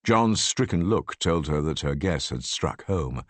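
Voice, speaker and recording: A man reading an audiobook, narrating in an expressive, measured way. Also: very deep voice, no room sound. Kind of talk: scripted narration.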